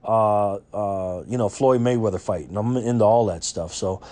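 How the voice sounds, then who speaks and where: A man's voice: lowish voice, normal speed, warm tone. A man from New York, vlogging as he tells a chatty story with lots of fillers and restarts. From Rochester, New York. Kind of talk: casual storytelling.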